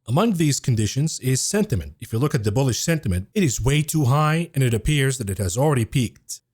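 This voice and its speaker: Man giving brisk, emphatic market commentary. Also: medium pitch, expressive, darkish tone, husky. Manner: brisk, emphatic, talks through charts. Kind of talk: scripted-sounding market commentary.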